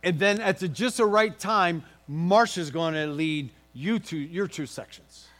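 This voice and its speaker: High-voiced, unhurried male pastor. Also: a bit bright. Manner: folksy, encouraging, joking with the congregation; leads the congregation in song. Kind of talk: sermon.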